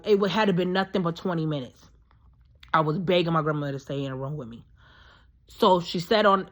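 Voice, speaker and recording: A woman's voice: deep voice, fairly bright tone. A woman in her thirties telling a personal story in a casual, rambling way, full of fillers and emphatic asides. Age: 30s.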